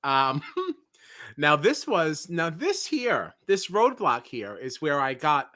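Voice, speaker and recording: A man co-hosting a reality TV podcast in casual chat, animated and laughing often. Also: on the high side, takes it slowly, no echo, studio quality. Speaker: podcast co-host.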